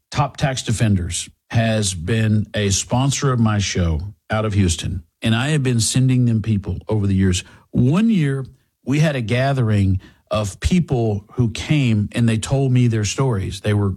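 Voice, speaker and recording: A man's voice: medium pitch, a little mellow, slightly rough. A man hosting a political talk radio show, delivering an impassioned monologue full of rhetorical questions and mocking asides, then reading a sponsor spot.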